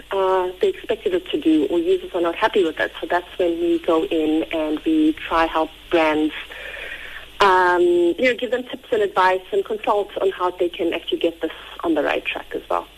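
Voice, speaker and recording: A woman, husky from tonsillitis, answering questions as a guest on a radio interview. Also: on the low side, moderate pace, poor audio. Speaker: guest, tech company founder.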